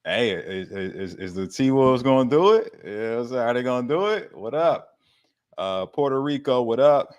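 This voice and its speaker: A man's voice: mid-range voice, expressive, unhurried, darkish tone, clean tone. A man hosting a casual livestream Q&A about fitness, with laid-back slangy banter, frequent laughs and casual swearing. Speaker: fitness coach hosting a live Q&A.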